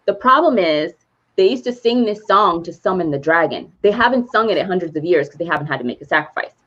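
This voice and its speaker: A woman co-hosting a podcast who retells a movie plot in casual chat, animated and laughing as she goes. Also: lowish voice, quick pace, muffled recording. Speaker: podcast co-host.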